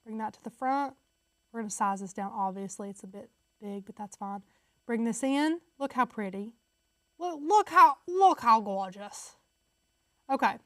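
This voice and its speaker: A woman's voice: fairly high pitch, moderate pace, no echo. A woman hosting a casual step-by-step crafting tutorial, chatty and upbeat, talking straight to her viewers.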